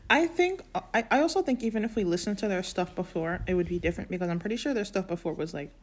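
A woman's voice: mid-range voice, animated, fast. A woman co-hosting a podcast in casual chat, joking wryly and rambling with lots of "like". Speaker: podcast co-host.

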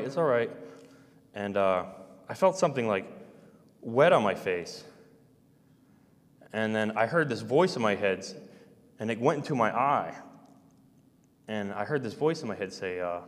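A man telling a personal story in a rambling, halting way, full of restarts and trailing-off phrases. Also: fairly low pitch, big-room sound.

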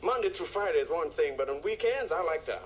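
Actor playing a nerdy accountant faking cool. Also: male voice, a little high, animated, fast, natural voice, rough recording. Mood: awkward swagger. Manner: awkward, overeager. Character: nerdy male accountant trying to act cool. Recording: TV clip with loud background noise.

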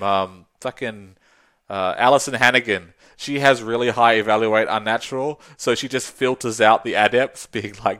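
Here the co-host's mid-range voice has a fairly bright tone. His casual talk about a tabletop game wanders around, full of cursing and frequent laughter.

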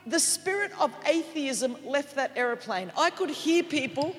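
High-voiced Australian woman preaching hard. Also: animated, unhurried, long reverb tail. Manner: emphatic, swings from quiet to shouted declarations. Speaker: evangelist. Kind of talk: sermon. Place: large church hall.

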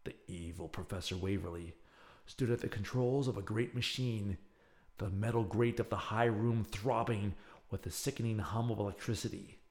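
A man's voice: on the low side, normal speed, darkish tone. A male podcast host chatting and reading a serialized story aloud, with chatty asides. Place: home, near an open window.

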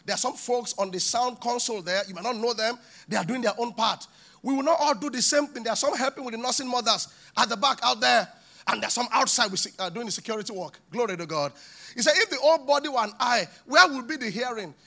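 A man preaching a sermon in a church with a high, bright voice. He is animated, slipping into little acted-out scenes and voices as he talks. The tone stays lively throughout. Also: fast talker, vocal fry. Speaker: pastor.

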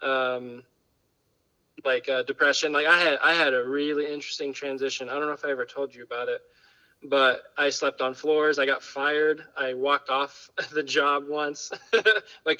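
A man's voice: medium pitch, bright, forceful tone, rough recording. A man chatting candidly as a podcast guest, rambling and full of fillers. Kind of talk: casual chat.

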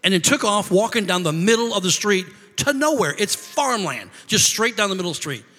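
A man casually telling a long personal story, halting often, restarting phrases and repeating words. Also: high voice, expressive, bright, forceful tone. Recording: long reverb.

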